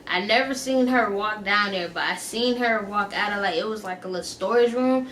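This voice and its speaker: A young woman vlogger telling a story in a casual, animated way, laughing often and tossing in slangy asides. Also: mid-range voice, moderate pace, slight background noise.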